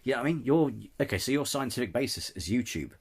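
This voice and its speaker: Husky, ranting man. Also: mid-range voice, lively intonation, fast talker. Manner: ranting, frequent restarts and apologies. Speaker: channel host. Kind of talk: casual opinion rant to camera.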